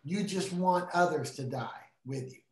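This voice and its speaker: A man's voice: high-pitched, unhurried. A middle-aged man teaching in a casual Bible discussion, earnest and emphatic like a preacher. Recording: roomy echo.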